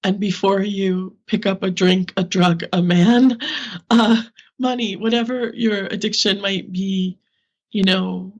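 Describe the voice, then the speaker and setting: Brooklyn woman in her 50s, podcast guest, candid and animated, laughs a lot. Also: medium pitch, slow pace, muffled recording. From Brooklyn, New York, US. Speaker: podcast guest, social media consultant. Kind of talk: candid interview conversation.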